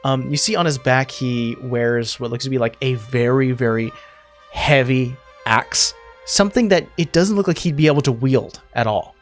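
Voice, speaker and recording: A man's voice: medium pitch, faint music behind. Man running a tabletop game. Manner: casual, halting with fillers. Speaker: game master.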